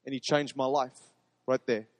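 A man's voice: medium pitch, fairly even intonation, normal speed, no room sound, big-room sound. A man, a pastor preaching a sermon in an earnest, emphatic way that repeats phrases for stress.

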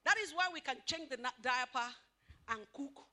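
A woman giving an animated talk at a couples' marriage seminar, questioning the audience and acting out what spouses say. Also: high-pitched, moderate pace. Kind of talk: lively motivational talk to an audience.

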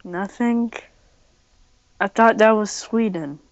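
A woman chatting casually, slow and playful with goofy banter. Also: mid-range voice, dry recording. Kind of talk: casual chat. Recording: dull, slightly lo-fi dry mic.

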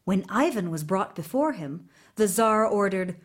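Slow, expressive woman storyteller. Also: medium pitch. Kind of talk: storybook read-aloud.

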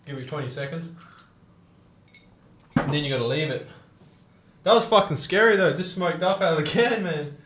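Excitable swearing young man in an echoey room. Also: fairly high pitch, moderate pace, pauses often. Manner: excitable, swears a lot, laughs often. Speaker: podcast host. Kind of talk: casual podcast chat. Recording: roomy echo.

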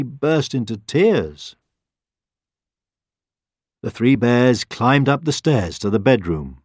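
A man narrating a children's story in a slow, very expressive voice. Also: deep voice, slightly rough, no room sound, clean studio sound. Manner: slow and very expressive, rising and falling.

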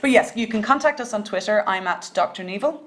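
A woman's voice: mid-range voice, lively intonation, fairly quick. A young woman, co-hosting a casual podcast chat with playful, sarcastic asides. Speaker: podcast co-host.

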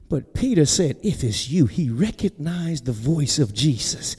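A man's voice: a little high, moderate pace, hardly any pauses, husky. Preaching man in a reverberant church. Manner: animated preaching, climbing to near-shouts, then dropping soft; folksy, conversational, talks straight to the congregation. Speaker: pastor. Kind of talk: sermon. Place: church sanctuary.

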